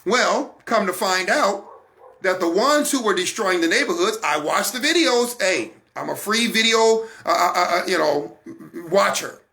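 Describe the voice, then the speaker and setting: A man's voice: sits high, expressive, measured pace, creaky, bright, forceful tone. An American man hosting a Christian broadcast, giving an emphatic, repetitive sermon-like talk straight to his listeners. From United States.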